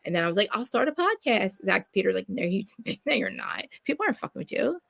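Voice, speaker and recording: A quick-talking woman, loud and blunt, swearing freely as she hosts a casual podcast. Her voice has a gravelly edge and sits close and dry on the mic. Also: mid-range voice, lively intonation, no room sound. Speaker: podcast host. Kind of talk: casual live podcast chat.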